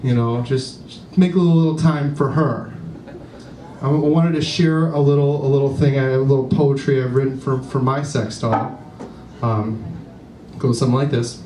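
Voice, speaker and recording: A man doing stand-up, reciting comic poetry in a deadpan, sing-song way. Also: medium pitch, normal speed, slight background noise. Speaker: stand-up comedian. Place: hotel lounge comedy club. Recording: roomy live room, distant mic.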